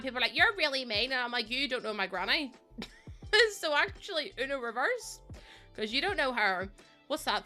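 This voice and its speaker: A woman live-streaming a building game, chatting to her viewers and often exclaiming and laughing. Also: on the high side. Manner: animated, exclaims and laughs often, talks to chat.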